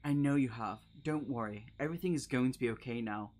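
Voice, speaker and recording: A man voicing an eerie impostor who poses as a loved one and speaks softly and calmly. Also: mid-range voice, fairly quick, lightly acted. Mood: soothing.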